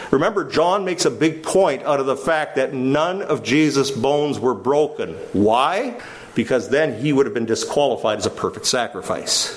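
A man's voice: mid-range voice, animated, moderate pace. A man preaching a sermon, teaching with questions that he then answers himself. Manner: teaching, asks the listeners questions and answers them.

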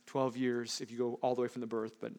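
A man preaching a sermon, emphatic, with frequent rhetorical questions, swinging between loud stresses and hushed asides. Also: medium pitch, monotone, fast. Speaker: pastor.

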